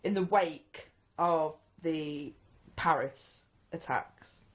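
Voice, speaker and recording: A woman co-hosting a comedy podcast, animated and quick with dry, self-deprecating quips. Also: low-pitched. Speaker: podcast co-host. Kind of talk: casual comedy chat.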